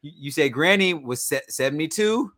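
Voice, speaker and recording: A young adult man co-hosting a casual sports podcast, teasing and animated, often cutting in. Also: on the high side. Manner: teasing, animated, quick to interrupt. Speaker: podcast co-host.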